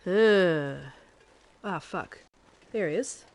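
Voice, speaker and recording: A young woman from New Zealand with a softened New Zealand accent, chatting casually and rambling with many fillers as she streams a game. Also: on the low side, animated, drawn-out words. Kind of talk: casual live game commentary.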